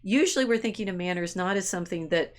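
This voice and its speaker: Low-voiced rambling woman co-host. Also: fast talker. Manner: rambling, frequent restarts and hedges, laughs easily. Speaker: podcast co-host. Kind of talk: casual conversational discussion.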